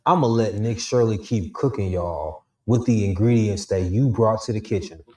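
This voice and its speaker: A man's voice: lowish voice, moderate pace, a little mellow. A man giving emphatic, mocking commentary on a clip. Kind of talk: casual commentary. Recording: roomy echo, distant mic.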